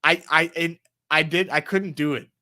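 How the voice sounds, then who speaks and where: A man's voice: on the high side, normal speed. A man from Texas, co-hosting a casual podcast and telling a story, with lots of filler words, restarts and swearing. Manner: animated storyteller, swears, many likes and restarts. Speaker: podcast co-host.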